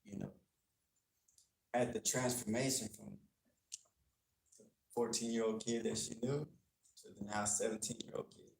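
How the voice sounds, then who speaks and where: A man's voice: mid-range voice, creaky, slight background noise. A man from Texas giving an earnest, plainspoken talk about his past to a university audience, acting out the people he quotes. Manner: earnest, plainspoken, acts out dialogue. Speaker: guest speaker on gang culture. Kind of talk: personal storytelling to an audience. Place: university lecture room. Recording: echoey room, faint clicking.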